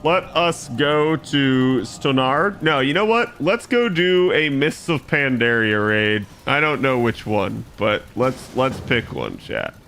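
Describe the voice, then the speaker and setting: A man's voice: mid-range voice, expressive, slow, few pauses, a bit bright, a little hiss or hum. Man chatting casually while streaming a game. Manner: rambling, self-correcting, swears casually. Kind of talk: casual live-stream gaming chat.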